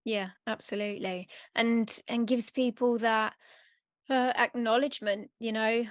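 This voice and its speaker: A woman's voice: fairly high pitch, steady tone, unhurried, dry recording, clean studio sound. A woman hosting a casual interview, supportive and affirming as she listens and asks questions. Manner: supportive, with frequent affirming backchannels. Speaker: interview host.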